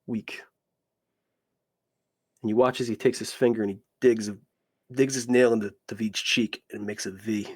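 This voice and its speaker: Husky-voiced man narrating a tabletop game. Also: fairly low pitch, fairly even intonation, a little fast, a little mellow. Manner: rambling, repeats "you watch" and "literally". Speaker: dungeon master.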